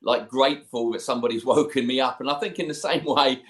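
A man's voice: medium pitch, fast, fairly bright tone. A man preaching a sermon, retelling a scripture story in a conversational way, with personal asides.

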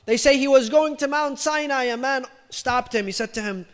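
A man giving a storytelling religious lecture, emphatic and repetitive, dropping his voice low for quoted lines. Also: moderate pace, clear, resonant tone. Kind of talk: storytelling sermon. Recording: reverberant lecture hall.

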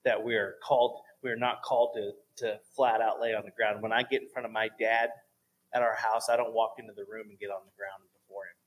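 A man telling lively stories about faith in a casual talk, going soft and low at times for emphasis. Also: fairly quick. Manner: animated storyteller, drops to a soft voice for emphasis.

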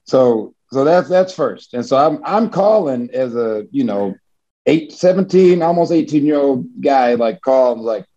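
A man from Missouri tells a personal story in an easygoing interview voice, with frequent restarts and soft laughs. His tone is dark and mellow at a middle pitch. The recording sounds a little dull. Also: animated, measured pace. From Missouri, USA. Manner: casual, chuckling, many restarts.

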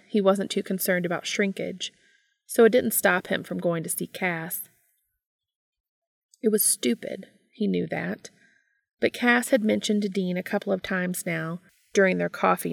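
A woman reading a romance story aloud in calm, steady scripted narration. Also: medium pitch, creaky, dry recording. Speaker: fan fiction reader.

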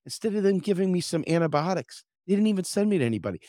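Animated American man telling a story. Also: high voice, racing, no room sound, studio quality. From United States. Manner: animated, acts out quotes with swearing. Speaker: podcast host. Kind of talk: casual storytelling rant.

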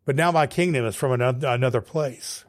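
A man reading as a calm, measured prisoner. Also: mid-range voice, natural voice.

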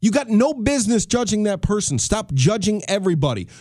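Fired-up man ranting, high voice. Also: very animated, fairly quick, mellow, no echo, clean studio sound. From United States. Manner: fired-up, swearing, repeats and restarts. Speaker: podcast host. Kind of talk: solo podcast rant.

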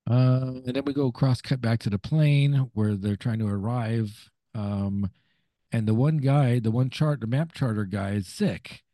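A man casually recapping scenes of a TV episode on a podcast, halting and searching for words as he goes. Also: mid-range voice, steady tone, mellow, no room sound. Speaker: podcast co-host.

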